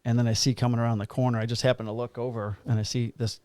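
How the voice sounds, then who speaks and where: A middle-aged man, a police officer, tells a long work anecdote in a loose, rambling way with plenty of swearing. His voice sits at an ordinary pitch and sounds dry and close, with no room around it. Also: flat delivery, rapid-fire, darkish tone, no echo. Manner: rambling, profane anecdote telling. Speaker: podcast co-host, police officer. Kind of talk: casual storytelling chat.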